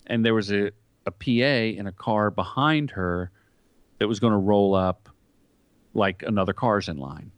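A middle-aged man with a fairly low voice tells stories from work in an interview. He talks in animated bursts, acting out the lines people said. The sound is dry and close, with little room to it. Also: measured pace, dry recording, highs cut off. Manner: animated anecdotes, acts out quoted lines. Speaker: guest, commercial director and comedian. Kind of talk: storytelling interview talk.

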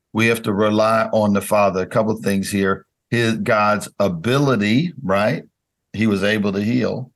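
A man teaching a Bible study in a calm, conversational way. His voice sits low and moves slowly, and he often pauses with fillers or starts a phrase over. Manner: unhurried, with frequent fillers and restarts.

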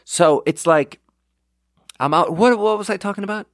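A man's voice: high-pitched, normal speed, no echo, clean studio sound. A man hosting a podcast alone, talking in a rambling, digressive, self-deprecating way and acting out the people in his stories. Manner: animated storyteller who acts out quotes. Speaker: podcast host. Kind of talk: casual solo monologue.

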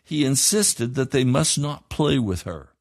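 A man reading a story aloud to children, slowly and earnestly. His voice sits at a mid pitch. The recording is dry and close, with no room sound. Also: animated, creaky, dry recording.

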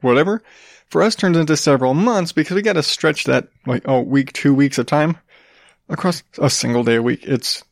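A man's voice: fairly high pitch, gravelly, no room sound, clean studio sound. A man hosting his own podcast, talking in a rambling, joking way with frequent restarts and casual swearing. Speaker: podcast host. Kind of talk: casual solo podcast talk.

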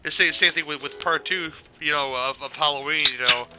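A man's voice: fairly high pitch, brisk, over loud music, rough recording. A man chatting casually on a movie commentary podcast, opinionated and profane, often stammering into restarts. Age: adult, older than childhood viewing years. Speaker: podcast host.

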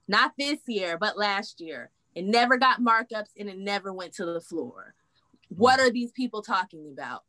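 A woman's voice: a little high, sharp tone. A woman hosting a political reaction stream, blunt and profane, speaking, getting heated and then pulling herself back. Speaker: reaction show host. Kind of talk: casual political commentary.

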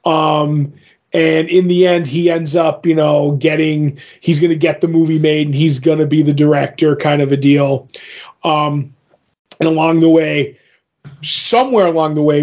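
A man's voice: fairly high pitch, creaky. A man chatting casually as a podcast co-host, retelling a comic's plot in a rambling way full of ums and "he's like". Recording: dull lo-fi recording.

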